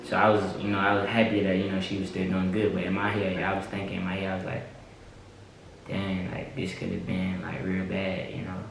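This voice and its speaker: A man's voice: low voice, fairly quick, gravelly. A young man, a vlogger, telling a story casually with lots of fillers and restarts. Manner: relaxed, repeats himself, lots of fillers. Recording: echoey room, mic at a distance, faint noise.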